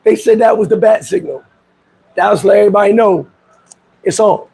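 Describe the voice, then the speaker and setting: Host, male, high gravelly voice, lively storyteller who acts out his quotes. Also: a little fast, rough recording. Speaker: vlog host. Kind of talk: casual commentary. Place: Dominican Republic.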